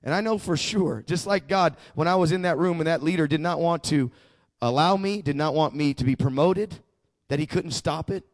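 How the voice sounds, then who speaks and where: A man with a high-pitched voice preaches a sermon as a personal story. He talks conversationally, often restarting his words. Then he presses his points with growing fervor. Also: normal speed. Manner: conversational testimony, swelling into fervent emphasis; frequent stammered restarts. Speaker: pastor.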